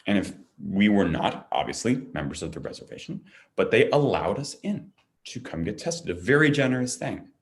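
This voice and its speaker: A man speaking to an audience in a heartfelt, earnest appeal for a charity, climbing louder and higher as he presses his point. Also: big pitch swings, moderate pace. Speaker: performer making a charity appeal.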